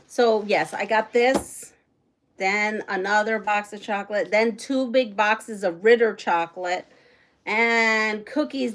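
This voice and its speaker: A middle-aged woman hosting a casual livestream, chatty and excitable, greeting viewers and reading their comments aloud. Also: medium pitch. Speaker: livestream host. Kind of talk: casual live chat while unboxing.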